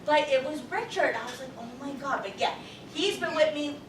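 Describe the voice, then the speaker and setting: A woman psychic medium talking to a live audience, loud, rambling and full of cursing. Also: high-pitched, animated, fairly quick, slight background noise. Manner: loud, profane, rambling storyteller. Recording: echoey room, far from the mic.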